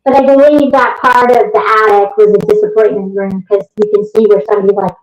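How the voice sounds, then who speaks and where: A woman telling a story as an interview guest, lively and vivid. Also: medium pitch, a little fast. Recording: roomy, muffled remote recording.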